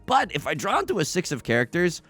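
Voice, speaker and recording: A man's voice: high-pitched, wildly swooping pitch, quick pace, fairly bright tone. A man hosting a let's play from his bedroom, chatting casually and self-deprecatingly while he plays, often talking back to himself. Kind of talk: casual gaming commentary. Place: home bedroom.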